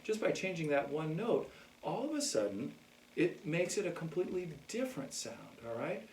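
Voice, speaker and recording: Relaxed male music teacher, mellow voice, recorded from a distance in an echoey room. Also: on the high side, normal speed. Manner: relaxed, keeps checking in with "okay?". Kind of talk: casual music lesson. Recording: echoey room, mic far off.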